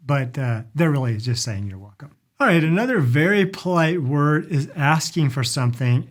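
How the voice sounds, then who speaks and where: A middle-aged man explaining travel phrases in a casual instructional talk, demonstrating them with stretched vowels. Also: mid-range voice. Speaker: language and culture teacher.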